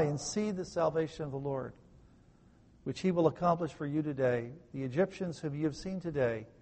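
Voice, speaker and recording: A man preaching a sermon from the pulpit, with a voice pitched a little above most men's. He asks his listeners question after question and moves between loud, pressing emphasis and quiet, near-hushed tones. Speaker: pastor.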